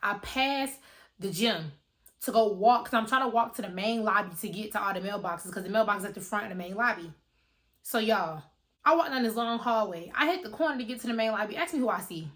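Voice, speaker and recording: A young woman vlogger telling a story in a casual, animated and profane way, talking straight to her viewers. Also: mid-range voice, a little fast.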